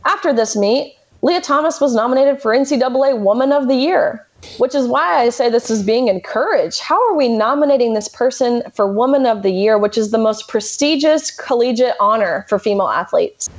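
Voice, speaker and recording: A woman's voice: fairly high pitch, lively intonation, brisk, highs cut off. A young woman in her twenties, speaking as an interview guest in an emphatic, indignant way. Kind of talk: conversational interview.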